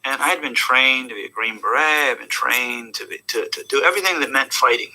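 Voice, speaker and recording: An older man from the United States, answering interview questions as an animated, joking storyteller who drops now and then to a hushed tone. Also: mid-range voice, fairly quick, poor audio. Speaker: interview guest. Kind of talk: conversational storytelling.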